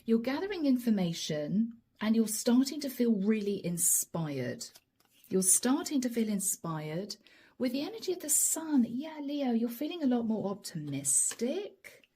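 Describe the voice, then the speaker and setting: A woman's voice: fairly high pitch, very animated, unhurried, warm tone, breathy edge. A middle-aged woman giving a channeled tarot reading to camera, chatty and addressing her viewers directly. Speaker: tarot reader.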